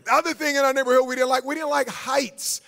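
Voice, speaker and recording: High-pitched gravelly preacher man. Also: fast. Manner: animated storytelling preacher, calls for audience response. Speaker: guest pastor. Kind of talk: sermon.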